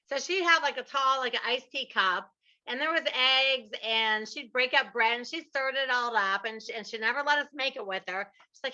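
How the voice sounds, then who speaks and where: Bright-voiced woman host, animated storyteller. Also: on the high side, moderate pace, muffled recording. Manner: animated storyteller, drawls out punchlines. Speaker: podcast host. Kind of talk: casual interview chat.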